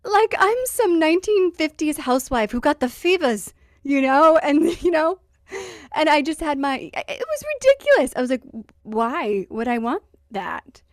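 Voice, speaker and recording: A woman's voice: high-pitched, moderate pace, dry recording, studio quality. A woman hosting a podcast, telling stories in a casual, wry way, acting out quotes and laughing along. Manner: lively, wry storytelling with acted-out quotes and laughter. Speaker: podcast host. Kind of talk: casual storytelling chat.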